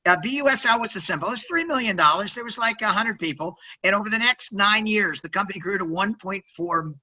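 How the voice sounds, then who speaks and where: A quirky man in his sixties talking with big, loud energy as a podcast guest. His voice sits high for a man and rings bright and forceful, and he keeps checking in with "right?". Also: quick pace, low-quality recording. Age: 60s. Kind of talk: energetic interview storytelling.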